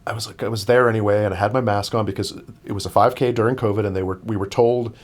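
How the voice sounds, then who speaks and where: Podcast guest: a man with a lowish voice, rambling through a casual story, full of restarts. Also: steady tone, fast talker. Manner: rambling, many restarts and fillers.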